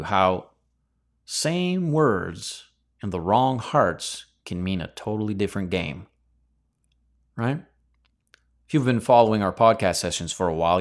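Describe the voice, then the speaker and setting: A man teaching scripture verse by verse on a podcast, conversational and full of rhetorical questions. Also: sits low. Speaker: podcast preacher.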